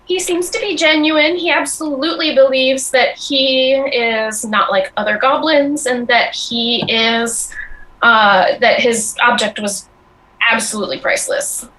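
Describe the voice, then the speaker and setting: High-voiced woman narrating as game master. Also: fairly even intonation, unhurried, sharp tone, slight background noise, low-quality recording.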